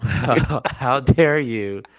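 A man's voice: medium pitch, drawn-out words, a bit bright, no echo. A man with a mid-range voice rants in casual podcast chat, exasperated over his team. He tells the story in a dry, close sound with no room. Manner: exasperated ranting. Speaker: podcast co-host.

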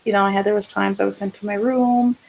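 A woman's voice: medium pitch, fairly even intonation, fast talker, creaky, a little mellow, a little hiss or hum, poor audio. A woman co-hosting a casual podcast chat, speaking candidly and swearing freely as she tells stories and acts out quotes. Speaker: podcast co-host.

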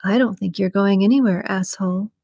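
A woman reading a story, voicing a cold, manipulative female killer who speaks slowly and in a hushed, commanding way. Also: mid-range voice, slightly rough, dry recording, lo-fi sound. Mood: menacing.

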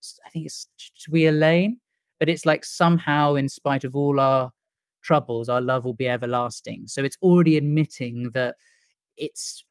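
A man's voice: mid-range voice, fairly even intonation, moderate pace, no room sound. A man, a musical comedian, chatting as a podcast guest in a rambling, self-deprecating way. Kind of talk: casual chat.

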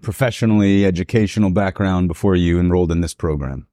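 A man's voice: sits low, fast talker, mellow, dry recording, studio quality. A man hosting an interview, first reading an earnest, reflective introduction, then asking questions. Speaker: interviewer and host.

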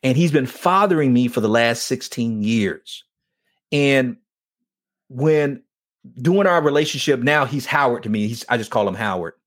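A man with an ordinary middle-pitched voice tells an emotional personal story on a faith talk show. He speaks earnestly and acts out the exchanges as he goes. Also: animated, moderate pace. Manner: earnest storyteller acting out dialogue. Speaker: show host and men's ministry leader.

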